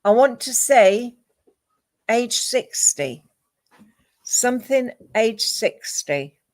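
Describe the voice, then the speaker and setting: A woman giving a live psychic reading, calm and measured, listing names and images one at a time. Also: fairly high pitch. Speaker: psychic medium.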